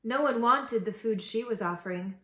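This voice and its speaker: A woman reading an original fairy tale aloud to children, with gentle, expressive storytelling. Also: fairly high pitch, normal speed. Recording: echoey room.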